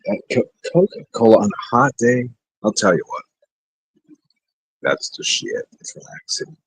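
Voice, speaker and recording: Middle-aged male streamer, husky and rough-edged, loose rambling chat with lots of pitch movement. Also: wildly swooping pitch, unhurried, no room sound, rough recording. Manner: laid-back, rambling, sighing, joking asides. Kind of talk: rambling casual livestream chat.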